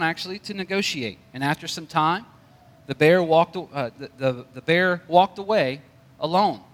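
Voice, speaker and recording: A man's voice: fairly high pitch, moderate pace, big-room sound. A male pastor preaching a conversational sermon with light jokes.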